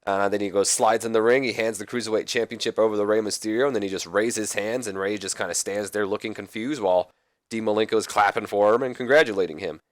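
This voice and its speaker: Casual gaming host, man, low voice, dry close mic, rambling recap. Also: fairly even intonation, fast, dry recording. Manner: rambling, casual, mildly profane. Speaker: let's play host. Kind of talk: casual game commentary.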